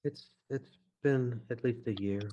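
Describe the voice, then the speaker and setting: A woman's voice: very deep voice, measured pace, dull audio, noisy background. A man, the game master, voicing a guarded widow mourning at a grave, speaking hesitantly and curtly. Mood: grieving.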